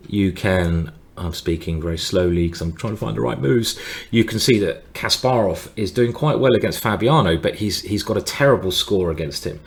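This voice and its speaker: A middle-aged man with a deep, low voice talks through his chess games as he plays them. He rambles casually between stories and analysis, cutting himself off whenever a new move appears on the board. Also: a little hiss or hum. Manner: rambling, thinks aloud, breaks off mid-sentence to react to moves. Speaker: chess grandmaster streaming his own games. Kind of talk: live commentary while playing online speed chess.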